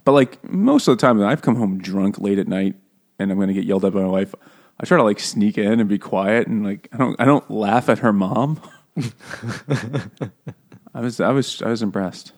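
A man in his thirties with a fairly low voice, chatting casually on a podcast. He laughs often and swears freely. He gets lively when he retells a story. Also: normal speed. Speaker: podcast co-host. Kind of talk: casual chat.

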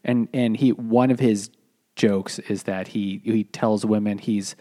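A man's voice: lowish voice, steady tone, measured pace, warm tone. Rambling man co-host retelling a story. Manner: rambling, profane plot retelling. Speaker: podcast co-host. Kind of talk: casual book chat over beers.

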